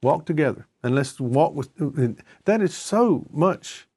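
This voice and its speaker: A man's voice: fairly high pitch, expressive, unhurried, a little mellow, breathy edge. A man in a conversational discussion, telling earnest stories and repeating phrases for emphasis. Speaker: discussion guest.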